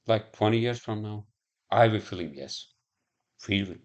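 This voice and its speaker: A man's voice: on the low side, normal speed, darkish tone. A man rambling in a casual monologue, swearing often and musing aloud with lots of fillers.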